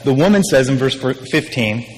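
A man's voice: mid-range voice, lively intonation, moderate pace, big-room sound, slight background noise, low-quality recording. A man preaching a sermon in a casual, emphatic style, repeating his key phrases.

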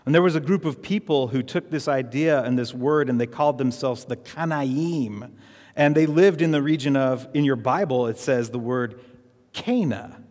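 A man's voice: medium pitch, normal speed, a little mellow. A man preaching a sermon as pastor, emphatic and repetitive, leading the congregation in call-and-response. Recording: reverberant hall.

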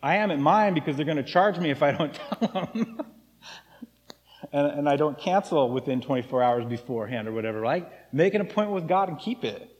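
A man's voice: fairly high pitch, lively intonation, a little fast, in a large hall. A man preaching a casual, joking sermon as pastor of a church. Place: church sanctuary.

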